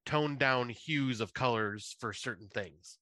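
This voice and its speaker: Bright, rambling male podcast host. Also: medium pitch, slow pace, dry recording. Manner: rambling, full of fillers. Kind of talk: casual chat.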